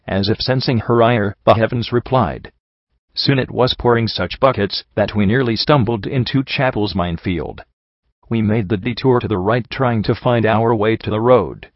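A man reading a fan fiction story aloud as narrator, in a steady, measured way. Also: lowish voice, no echo, highs cut off. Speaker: audiobook reader.

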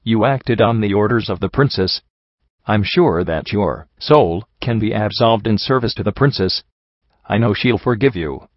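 A man's voice: on the low side, expressive, normal speed, no room sound, highs cut off. A man voicing a two-faced female pony courtier who soothes with a forced sweetness. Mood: smooth.

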